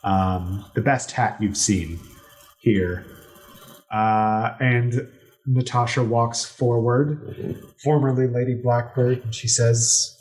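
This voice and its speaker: A male game master narrating a tabletop role-play scene, lingering on descriptions and pausing on fillers. His delivery is slow and mid-pitched. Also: fairly even intonation, darkish tone. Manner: unhurried, descriptive, many fillers.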